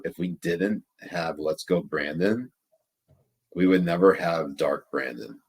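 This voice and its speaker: A man's voice: very deep voice, husky. A man co-hosting a casual political commentary show, ranting and swearing freely. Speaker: co-host.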